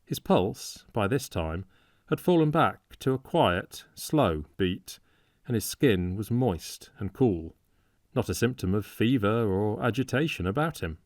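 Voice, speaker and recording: A male audiobook narrator with a low voice, reading a classic novel aloud. His delivery is measured and steady, and the sound is close and dry with no room around it. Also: no echo. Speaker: audiobook reader.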